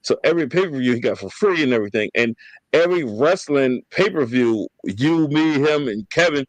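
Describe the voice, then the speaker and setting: A man hosts a podcast and tells family stories in lively, slangy talk with plenty of swearing. His voice sits at an ordinary pitch, and the room is dry with no echo. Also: a little fast. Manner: animated storytelling, slangy and profane. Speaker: podcast host. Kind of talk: casual family storytelling.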